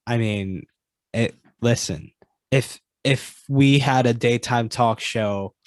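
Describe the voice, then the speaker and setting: A man's voice: mid-range voice, slow pace, no echo. A man co-hosting a casual movie podcast, teasing his partner with mock-hype banter. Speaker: podcast co-host. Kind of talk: casual chat.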